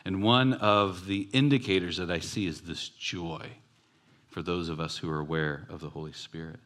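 A man's voice: deep voice, steady tone, moderate pace, a bit bright. A male pastor preaching a sermon in a conversational, self-deprecating storytelling way.

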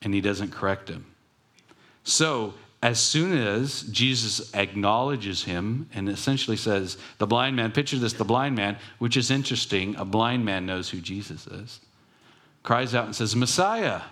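A man's voice: fairly low pitch, unhurried, fairly bright tone. Man preaching a conversational sermon. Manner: storytelling, acting out quoted voices; conversational, self-correcting asides. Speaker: pastor.

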